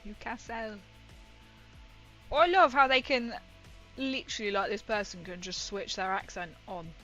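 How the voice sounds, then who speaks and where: A woman's voice: mid-range voice, a little slow, fairly bright tone, highs cut off. A woman with a northern English accent chatting playfully with her stream while painting, laughing often. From northern England. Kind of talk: casual livestream chat while painting. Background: faint music.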